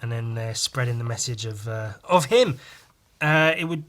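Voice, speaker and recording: Bright-voiced, profane man rambling. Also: medium pitch, expressive, moderate pace. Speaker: podcast host. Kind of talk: casual comic review commentary.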